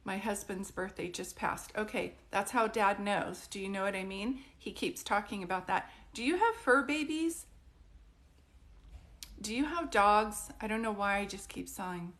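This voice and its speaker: A woman psychic medium doing a casual live-stream reading, speaking in a reassuring way and often checking whether things make sense. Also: mid-range voice. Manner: warm, reassuring, frequently checks in with "do you know what I mean?".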